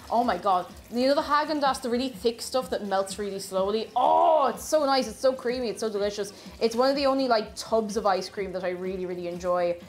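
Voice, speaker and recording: During a livestream from her home kitchen, a woman chats casually as she bakes, gushing about food and reading viewer comments out loud. Her voice is fairly high-pitched.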